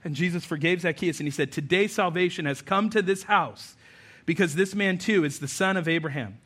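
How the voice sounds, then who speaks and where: A male pastor preaching a sermon, telling stories with animated delivery and little character voices. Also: high voice, a little fast, breathy edge. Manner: animated storytelling, voices for figures.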